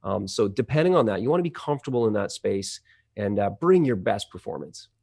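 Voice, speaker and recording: This trained audio engineer, now CEO of a voice-over marketplace, is a guest in a conversational interview. His voice is lowish, creaky, darkish, and expressive, and he talks fairly quickly, explaining at length with lots of fillers and restarts.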